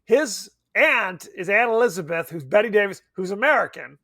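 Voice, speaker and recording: A man co-hosting a podcast in casual chat, animated, laughing often and swearing casually. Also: high voice, normal speed. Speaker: podcast co-host. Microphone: remote podcast mic.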